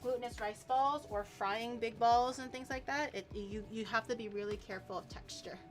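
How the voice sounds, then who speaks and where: A woman's voice: on the high side, normal speed, music in the background. A young woman chatting casually while cooking on her stream, explaining each step and swearing now and then.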